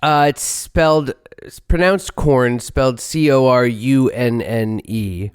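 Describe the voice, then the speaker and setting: A timid male pet rescue owner, played by a man, fumbles through a radio guest spot in improvised comedy. His voice is smooth and resonant, close and dry, at an ordinary pitch. He pauses often and trips over his words. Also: no echo, lightly acted. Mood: nervous. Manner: hesitant, stumbling, full of ums.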